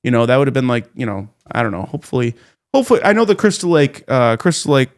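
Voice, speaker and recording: A man hosting a podcast, blunt and quick to swear in casual chat. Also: medium pitch, big pitch swings. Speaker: podcast host.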